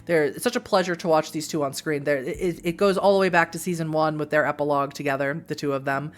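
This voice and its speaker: A woman's voice: deep voice, fairly even intonation, fast talker. Rambling, giggly woman vlogger. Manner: rambling, giggly, self-deprecating. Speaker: recap vlogger. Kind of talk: casual rambling show recap.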